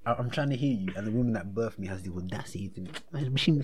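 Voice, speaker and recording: A man's voice: lowish voice, fast talker, a little hiss or hum. A young man, joking in slangy, playfully boastful podcast banter. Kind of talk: casual banter.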